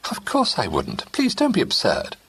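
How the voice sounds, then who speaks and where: A man's voice: fairly high pitch, wildly swooping pitch, fairly bright tone, breathy edge, pitched above the performer's own voice, exaggerated voice. A man reading an audiobook, voicing a flustered young woman who works as a lady's companion and keeps deflecting. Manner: evasive, quick to protest.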